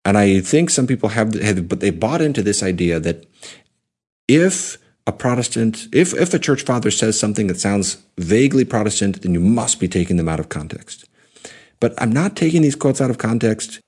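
A man's voice: lowish voice, lively intonation, darkish tone. A man explaining his reading of the church fathers, often restarting and correcting himself as he goes. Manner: halting, self-correcting speech. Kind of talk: lecture clip.

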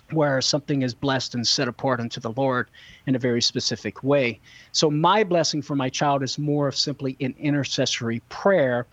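A man's voice: medium pitch, no echo, muffled recording. A man with children, answering callers' questions on a call-in show in an earnest, teaching manner, repeating words for emphasis. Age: young adult to middle-aged, a father. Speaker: guest theologian answering callers.

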